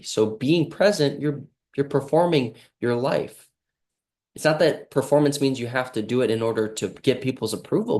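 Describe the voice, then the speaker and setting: A man's voice: medium pitch, a little mellow. A man speaking as a healing practitioner in a casual motivational monologue, earnest and rambling, with frequent restarts and lines he acts out himself.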